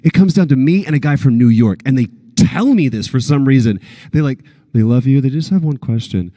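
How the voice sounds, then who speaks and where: A man's voice: brisk, no room sound, clean studio sound, in a large hall. A man in his thirties from Texas, telling a story on stage at a convention panel, acting out the quotes. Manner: animated storyteller, acts out quotes with big pitch jumps. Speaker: panel guest.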